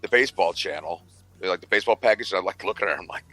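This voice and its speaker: A man's voice: deep voice, very fast, bright, forceful tone, no room sound. A man telling a long rambling, profane story with laughter in a casual podcast chat. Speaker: podcast co-host.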